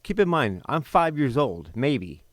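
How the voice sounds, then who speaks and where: A man's voice: mid-range voice, sing-song, no room sound. Blunt, bitter middle-aged man. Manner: blunt, bitter, emphatic with sudden pauses. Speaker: podcast host. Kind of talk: personal storytelling monologue.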